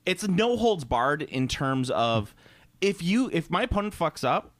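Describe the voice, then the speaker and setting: A man with a fairly high, very lively voice talks casually on a podcast, joking and restarting sentences as he goes. The sound is dry and close, with no room around it. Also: measured pace, no echo. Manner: chatty, joking, trails off into restarts. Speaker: podcast co-host.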